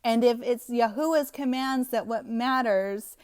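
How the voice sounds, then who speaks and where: Female Bible teacher, higher-pitched voice, scornful and emphatic commentary. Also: measured pace, hardly any pauses, a little mellow, clean tone. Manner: scornful, emphatic, laughs at the text. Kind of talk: scriptural commentary to viewers.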